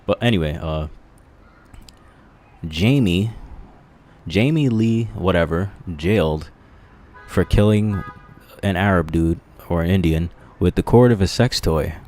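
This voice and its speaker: A man casually rambling on a livestream, crude and profane, laughing at his own jokes, in a dark candlelit room. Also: deep voice, a little slow, long pauses, slight background noise. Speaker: streamer.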